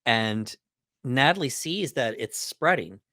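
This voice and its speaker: A man co-hosting a podcast, casually recapping film scenes and acting out characters' lines with quick put-on voices. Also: mid-range voice, animated, pushed and bright, no room sound, studio quality. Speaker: podcast co-host. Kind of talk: casual movie breakdown chat.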